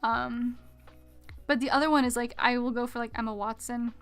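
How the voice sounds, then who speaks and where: A woman streaming her drawing, chatting casually with viewers and muttering quietly to herself as she works at a mic with a pop filter. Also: on the high side, fairly even intonation, moderate pace, clean tone, soft background music. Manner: chatty, reads chat aloud, mutters quietly to herself while working. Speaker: art streamer. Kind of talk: casual live-stream chat while drawing. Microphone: desk mic with pop filter.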